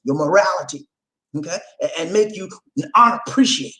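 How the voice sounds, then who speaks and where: A man giving casual video commentary, animated and repetitive, laughing often and speaking straight to his viewers. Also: on the high side.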